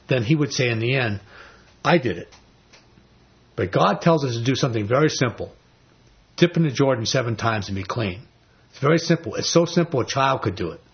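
A man teaching an informal Bible study, retelling stories in a folksy way with many fillers and lively quoted voices. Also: mid-range voice, muffled recording.

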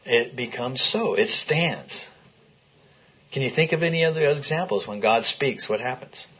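A man's voice: mid-range voice, expressive, unhurried, slightly rough. A man leading a Bible study, reading scripture aloud and putting questions to a small group in the room. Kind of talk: interactive Bible teaching. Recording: dull lo-fi recording.

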